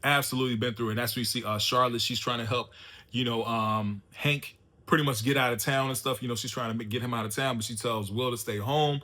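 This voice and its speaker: A man recaps a TV episode in an easygoing review. His voice sits mid-range with a bright, forward edge. He talks loosely, in slang, and strings his thoughts together with fillers. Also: mid-range voice, steady tone, fast talker. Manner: loose and chatty, slangy, many fillers like "you know" and "man". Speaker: TV show reviewer. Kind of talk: casual spoken episode recap.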